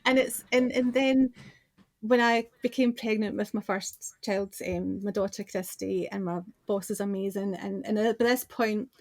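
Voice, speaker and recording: A woman's voice: mid-range voice, fairly even intonation, normal speed, darkish tone, no room sound. A woman in her forties with a Scottish accent, telling stories as a podcast guest in a chatty way with many restarts. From Scotland. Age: 40s. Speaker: guest, business owner and designer. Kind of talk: casual interview chat.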